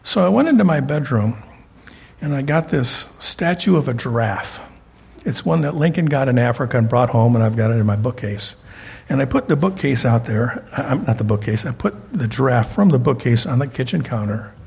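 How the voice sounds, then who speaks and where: A man's voice: mid-range voice, expressive, normal speed, gravelly, a little mellow, husky. An older man preaching a sermon as pastor, telling folksy stories and often repeating words as he goes.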